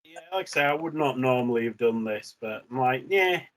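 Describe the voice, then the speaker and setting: A man's voice: mid-range voice, animated, brisk. A man as a guest in a casual chat, hesitant and blunt with many fillers.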